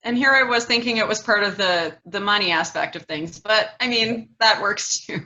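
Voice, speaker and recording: A woman's voice: mid-range voice, normal speed, bright, forceful tone, dull audio. A woman taking part in an energy work session, talking casually and laughing easily. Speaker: class participant. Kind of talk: casual conversation.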